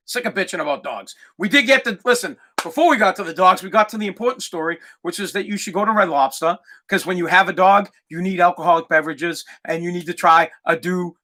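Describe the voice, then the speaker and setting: A man in his thirties hosting a podcast, ranting casually and with exasperation, sometimes yelling. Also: high voice. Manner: exasperated ranting, yells and imitates barking. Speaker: podcast host. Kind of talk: casual comedic rant.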